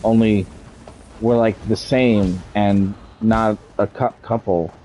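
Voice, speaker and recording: A man's voice: on the low side, fairly even intonation, slow pace, warm tone, soft background music, low-quality recording. A man streaming a game, chatting casually, explaining mechanics and swearing freely. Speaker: streamer playing an online game. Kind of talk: casual gameplay commentary.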